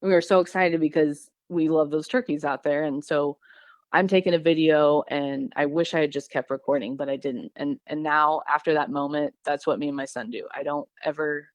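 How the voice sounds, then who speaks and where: A woman's voice: deep voice, steady tone, normal speed, no echo. A woman from Missouri, a podcast guest, telling her encounter in a casual, rambling way with many fillers and restarts. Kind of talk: casual storytelling.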